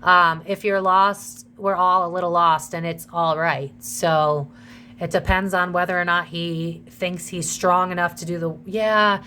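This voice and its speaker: A woman's voice: fairly low pitch, fairly even intonation, measured pace, pushed and bright, slight background noise. A woman doing a casual psychic tarot reading to her viewers, chatty and emotional, swearing freely.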